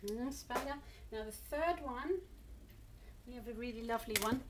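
A woman's voice: on the high side, normal speed, noisy background. A woman from England coaxing her cat into posing for photos, cooing and encouraging it along. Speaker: pet owner filming her cat. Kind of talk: coaxing talk to a pet.

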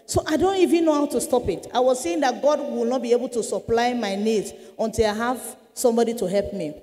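A woman's voice: on the high side, a little fast, warm tone. A woman evangelist, telling her testimony earnestly and dramatically in a church hall. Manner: earnest storytelling, dramatic shifts. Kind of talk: testimony sermon.

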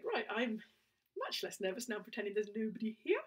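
A woman's voice: medium pitch, big pitch swings, fairly quick, slightly rough, recorded from a distance. A woman with a southern English accent, a singing teacher giving a casual spoken lesson, chatty and prone to little laughing asides. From England.

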